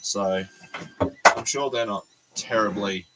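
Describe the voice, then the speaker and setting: An Australian teacher livestreams a casual chat from his workbench, hoarse and sick with a cold. His fairly low voice moves slowly as he rambles and pokes fun at himself, with heavy background noise behind him.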